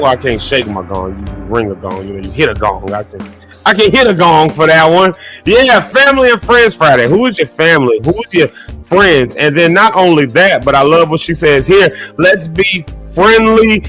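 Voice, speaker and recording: Chatty male morning-show host, higher voice. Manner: playful, chatty, greets and shouts out viewers. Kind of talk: casual live-stream chat reading viewer comments. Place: his office.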